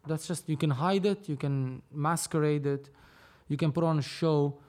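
A man's voice: fairly high pitch, fairly even intonation, moderate pace, darkish tone. A man from Lebanon, talking animatedly as a podcast guest, repeating himself as he goes. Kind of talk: casual conversation.

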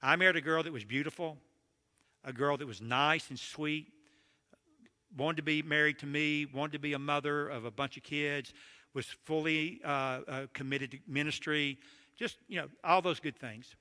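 A middle-aged man preaching a humorous sermon, telling stories with jokes and animated asides in a church or conference hall. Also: on the high side, normal speed. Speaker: marriage conference speaker. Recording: long hall reverb.

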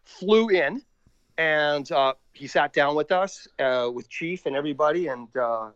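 A man, a musician and podcast guest, telling a story in a casual, animated way and slipping into voices for the people he quotes. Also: on the high side, clean tone, no echo. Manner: animated, acts out other people's lines in quick changing voices. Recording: dry, slightly dull lo-fi sound.

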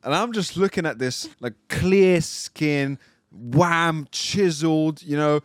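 A man's voice: a little high, slow, dry recording, studio quality. A man, co-hosting a casual podcast and ranting in mock outrage. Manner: animated, joking rants with mock outrage. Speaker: podcast co-host.

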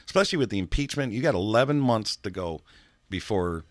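A man's voice: on the low side, expressive, a little fast, no echo. A man in casual political chat, rambling and emphatic, swearing freely.

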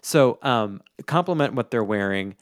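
Animated man in casual podcast chat. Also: a little slow, no echo, clean studio sound. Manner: animated, laughs often, quotes himself in a higher voice. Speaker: podcast co-host.

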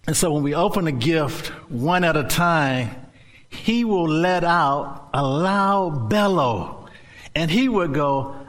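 Male pastor, preaching, bright high voice, slow and animated, laughing and shouting. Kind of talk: sermon.

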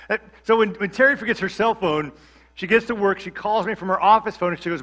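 Bright, high-voiced male pastor preaching. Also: brisk. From Georgia, USA. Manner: conversational, humorous asides. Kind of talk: sermon.

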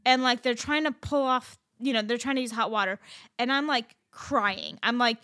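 A woman co-hosting a podcast, telling a story in casual chat, animated and swearing freely with lots of fillers. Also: a little high, brisk, no echo, clean studio sound. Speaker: podcast co-host.

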